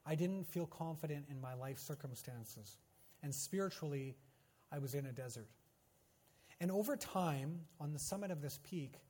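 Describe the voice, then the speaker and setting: A male pastor delivering a Sunday sermon with a slightly raised, husky voice. He builds each point with earnest emphasis, then lets his phrases fall away into hushed endings. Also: on the high side.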